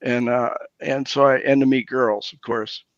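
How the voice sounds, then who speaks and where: A man's voice: mid-range voice, fairly even intonation, no room sound, highs cut off. A pastor in his sixties telling his own recovery story candidly, often stumbling and restarting his words. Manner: halting, repeats words as he restarts.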